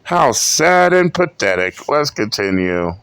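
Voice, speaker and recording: A man's voice: medium pitch, sing-song, takes it slowly, creaky, a bit bright, clean tone, dry recording. A man giving blunt, profane, scornful reaction commentary. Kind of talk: mocking commentary.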